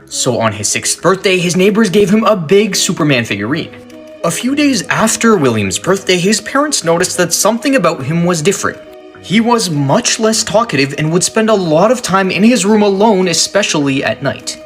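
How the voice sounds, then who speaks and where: A man's voice: high voice, big pitch swings, moderate pace, faint music behind. A man giving scripted narration of a creepy story in a teasing, suspense-building way.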